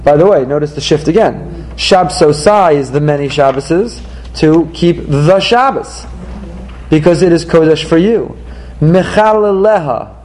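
Man, Torah teacher, text study class, probing rhetorical questions, high-pitched, faint background hiss. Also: animated, unhurried, darkish tone, rough recording.

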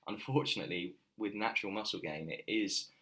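Low-voiced man chatting casually about training. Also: brisk, fairly bright tone. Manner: loose and conversational, many fillers and restarts. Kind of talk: casual podcast chat.

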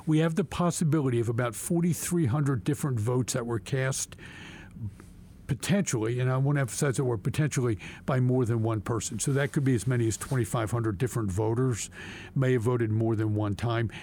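A man's voice: medium pitch, a little fast, warm tone, a little hiss or hum. Emphatic male state lawmaker. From Pennsylvania. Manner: emphatic, repeats key words for stress. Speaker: state representative. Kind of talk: policy discussion.

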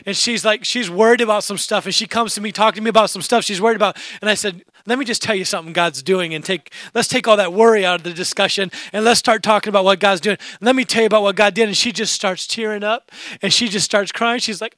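A man preaching a sermon, telling a personal testimony with laughter and rising to shouted praise. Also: high-pitched, fast, dry recording, studio quality. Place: church.

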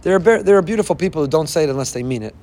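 A man's voice: a little high, lively intonation, racing, darkish tone. A man giving an impassioned sermon as a rabbi, firing off rhetorical questions and weaving in Hebrew phrases. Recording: long hall reverb.

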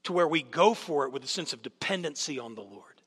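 A man's voice: a little high, lively intonation, a little fast, fairly bright tone, slightly rough. A man preaching a sermon as a guest speaker, telling stories with animation and putting questions to the congregation. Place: church sanctuary. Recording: long hall reverb.

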